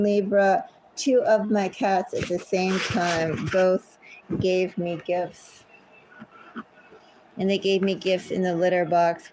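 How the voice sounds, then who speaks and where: A woman reading tarot at home in an unhurried, rambling way, breaking off to chat. Her pace is slow and easy, with a faint hiss of noise behind her. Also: fairly low pitch, a little mellow, rough recording. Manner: chatty, easily sidetracked, talks to her cats. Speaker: tarot reader. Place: home with cats.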